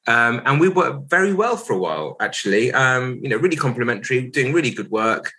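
A man's voice: medium pitch, big pitch swings, a little fast, bright, forceful tone, low-quality recording. Reflective man telling a personal story. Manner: reflective, hesitant, many ums and restarts. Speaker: podcast guest, solicitor.

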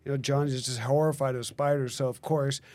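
A man in a casual podcast chat, telling animated lifeguard stories and laughing through them. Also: medium pitch, fairly quick.

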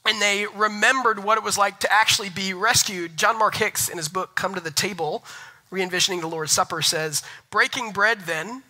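A young man preaching a sermon as pastor, telling stories with animated, rising energy. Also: high-pitched, rough recording. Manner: animated storytelling, rising loud when excited.

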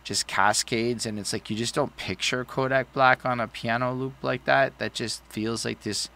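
A man's voice: mid-range voice, steady tone, moderate pace, creaky, pushed and bright. A man co-hosting a casual album review, talking in a loose, profane, rambling way. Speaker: podcast co-host reviewing an album.

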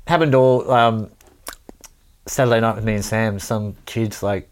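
A man's voice: on the low side, fairly even intonation, unhurried. A man, a pub musician chatting casually on a podcast, rambling and laughing often. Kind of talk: casual chat.

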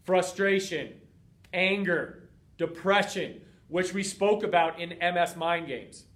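A man's voice: sits high, takes it slowly, fairly bright tone, reverberant. A man hosting a motivational talk, earnest and repetitive, sometimes acting out despairing inner voices. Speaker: host of a multiple sclerosis fitness and mindset show. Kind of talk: motivational monologue.

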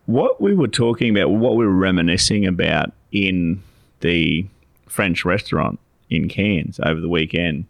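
Gravelly low Australian man, chatty. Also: expressive, normal speed, few pauses, no room sound, clean studio sound. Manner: meandering anecdotal storytelling. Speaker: podcast co-host, financial adviser. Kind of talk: casual chat.

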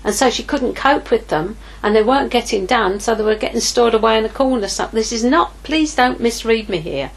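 Husky woman preaching candidly. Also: on the high side, expressive, a little fast, few pauses, low-quality recording. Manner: candid, conversational, acts out inner dialogue. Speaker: ministry leader preaching. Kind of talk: informal sermon with personal story.

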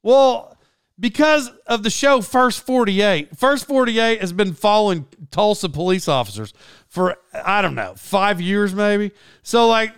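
Rambling Oklahoma man, gravelly voice. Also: high-pitched, animated, moderate pace, fairly bright tone, no echo, clean studio sound. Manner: rambling, self-correcting, laughs often. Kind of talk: casual storytelling chat.

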